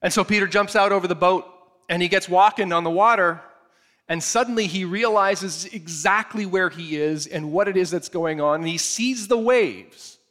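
A man preaching a sermon, retelling a scripture story with animated, acted-out storytelling. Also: high-pitched, moderate pace. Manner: animated storytelling, acts out the scene. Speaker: pastor.

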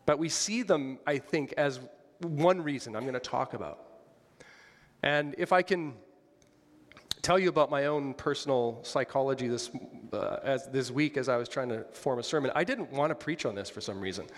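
A man's voice: mid-range voice, lively intonation, moderate pace, big-room sound. A man preaching a conversational sermon, asking the congregation questions and joking lightly. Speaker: pastor.

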